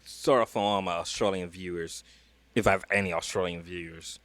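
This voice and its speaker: Man, reaction video host, rambling casual chat, lowish voice, lots of fillers. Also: fairly even intonation, brisk, fairly bright tone, dry recording. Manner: rambling, with many fillers and laughs.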